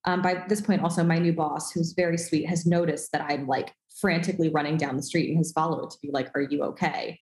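A woman's voice: sits low, steady tone, brisk, hardly any pauses, darkish tone, echoey room, rough recording. A woman telling a self-deprecating story in casual podcast chat, acting out the dialogue. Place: Los Angeles.

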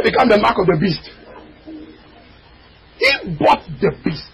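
A male pastor delivering an impassioned sermon, breaking into shouted, cracking cries and calling out to his congregation. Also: sits high, huge pitch swings, moderate pace, gravelly, long pauses, slight background noise, poor audio. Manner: addresses and prods the congregation directly.

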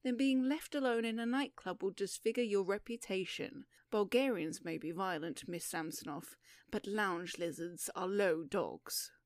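A woman voicing a gallant, self-assured young gentleman who speaks in a brisk, lofty and emphatic way. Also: mid-range voice, dry recording, studio quality, natural voice.

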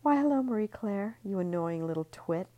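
A woman reading aloud and voicing a bitter, sharp-tongued young mother who mocks others. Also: low voice, lively intonation, moderate pace, narrow, tinny audio. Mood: sneering. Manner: sneering, mocking.

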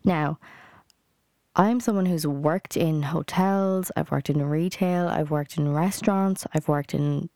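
Low-voiced, blunt Irish woman. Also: takes it slowly, warm tone, no room sound, clean studio sound. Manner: rambling, blunt, swears freely, many fillers. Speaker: podcast host. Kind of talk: casual solo podcast chat.

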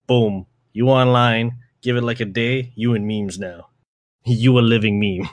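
A man's voice: mid-range voice, steady tone, measured pace, no room sound. A young man hosting a podcast, talking in a rambling, slangy way, swearing and saying "like" constantly. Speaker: podcast host. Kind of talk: casual podcast chat.

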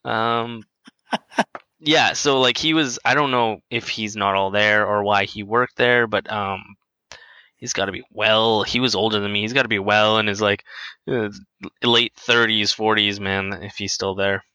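Young man rambling through a story, bright tone. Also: fairly low pitch, fairly even intonation, measured pace, clear, resonant tone, no room sound, low-quality recording. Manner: rambling, lots of fillers and restarts. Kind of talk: casual storytelling.

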